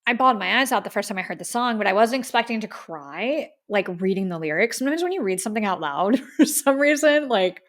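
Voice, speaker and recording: A woman's voice: mid-range voice, lively intonation, fast talker, few pauses. A woman hosting a casual music review podcast, talking in an effusive, heartfelt way and often saying "like.". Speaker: podcast host.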